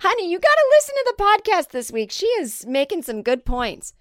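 A woman voicing an excited female fan of the show, chattering to her husband in a high, bright tone. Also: fairly quick, no echo, studio quality, exaggerated voice. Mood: gushing.

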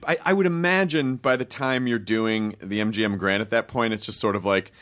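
A man in casual podcast chat, halting and restarting as he thinks aloud. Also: on the low side, a bit bright.

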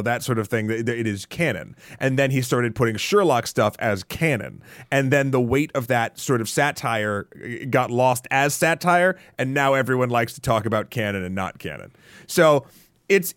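A man's voice: mid-range voice, fairly bright tone, no echo, studio quality. A man co-hosting a movie podcast in casual, joking chat, rambling with frequent restarts. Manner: rambling and jokey, many restarts. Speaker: podcast co-host.

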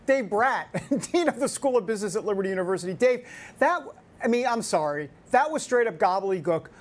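A man's voice: high-pitched, lively intonation, brisk. Male show host, rambling political commentary, lots of fillers. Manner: rambling, with many restarts and fillers.

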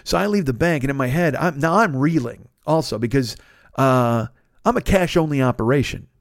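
A man in a middle pitch tells a personal story on his podcast, swearing freely and sounding fed up. The recording is dry and close, with no room around his voice. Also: expressive, normal speed, dry recording. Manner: profane, exasperated storytelling. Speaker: podcast host. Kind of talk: casual storytelling monologue. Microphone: podcast microphone.

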